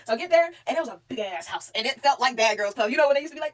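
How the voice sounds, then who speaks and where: Young woman, rapid-fire, salty storyteller vlogger, slightly high voice. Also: a little hiss or hum. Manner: animated, profane, talks straight to the viewer. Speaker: vlogger telling her story. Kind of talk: casual storytelling vlog.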